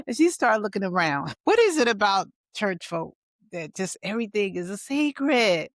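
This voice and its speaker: A woman in her fifties, a pastor, telling her own story in a lively testimony style, acting out the people she quotes. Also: mid-range voice, normal speed, dry recording. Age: 50s. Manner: animated storytelling with acted-out quotes. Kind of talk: personal testimony vlog.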